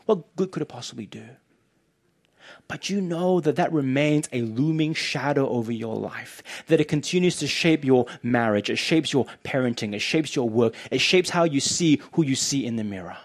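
A man's voice: mid-range voice, moderate pace, hardly any pauses. A man preaching a sermon as pastor, earnest and pastoral, often repeating a word as he starts a thought.

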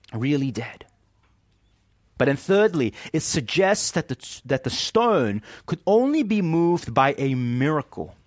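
A man preaching a sermon as pastor, animated and often asking his listeners questions. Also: a little high, dry recording, studio quality.

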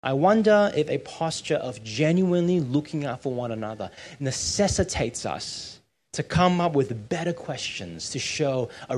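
A man's voice: mid-range voice, slight background noise. A man preaching a sermon in church, conversational and often checking in with his listeners. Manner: conversational, often asks "right?".

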